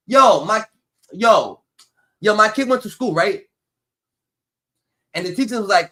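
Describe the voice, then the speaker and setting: High bright-voiced man telling stories. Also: moderate pace. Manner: animated, acts out voices in his stories, swears freely. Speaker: livestream host. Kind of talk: casual chat with comic storytelling.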